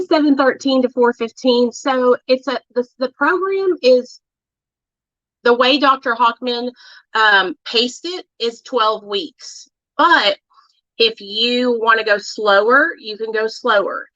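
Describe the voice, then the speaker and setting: A woman's voice: on the high side, sharp tone, no room sound. Chatty woman hosting a livestream. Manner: chatty, addresses viewers, many fillers. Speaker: livestream host. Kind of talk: casual livestream chat. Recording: dull, dry lo-fi sound.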